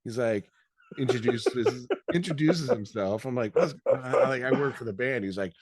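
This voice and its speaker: A man's voice: medium pitch, moderate pace, darkish tone, husky. A man from Michigan, co-host of a podcast, telling a rambling anecdote in casual chat and acting out the quotes.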